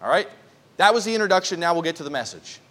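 A male pastor preaching a midweek sermon, reading scripture slowly and earnestly and sometimes restarting his phrases. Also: on the high side, sing-song, sharp tone. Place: church.

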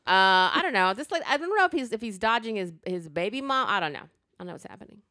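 A woman's voice: medium pitch, sing-song, fast, pushed and bright, no echo. Brief: woman podcast host, casual, laughing storyteller, dry close mic. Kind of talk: casual chat.

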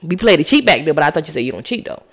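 A woman's voice: sits low, sing-song, very fast, breathy edge. A woman hosting a solo podcast, talking casually and preaching with emphasis straight to her listeners. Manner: casual and chatty, often says "y'all" and "honey". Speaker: podcast host.

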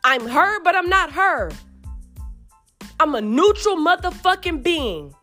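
A woman, hosting a podcast and venting in a heated, profane monologue that rises to yelling. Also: extremely high pitch, big pitch swings, slow, soft background music. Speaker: podcast host.

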